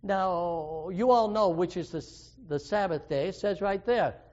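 A man's voice: sits high, measured pace, darkish tone. A man preaching a sermon, earnest and full of questions to his listeners, with sudden emphatic rises. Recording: dull lo-fi recording.

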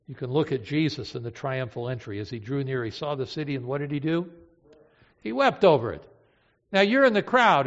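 Impassioned preacher man in an echoing hall. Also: medium pitch. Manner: emotive, swings from hushed to impassioned. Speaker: pastor. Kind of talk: sermon. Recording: reverberant hall, dull lo-fi sound.

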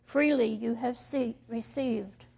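A woman voicing a patient, kindly young man in a read-aloud story, speaking gently. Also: on the high side, fairly even intonation, slow, gravelly, slightly rough, heavily acted. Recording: dull lo-fi recording.

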